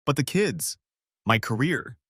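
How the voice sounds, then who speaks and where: A man's voice: medium pitch, lively intonation, slow pace, fairly bright tone, husky, dry recording, studio quality, heavily acted. A man voicing a wounded, tearful wife caught in an affair, pleading with a breaking voice.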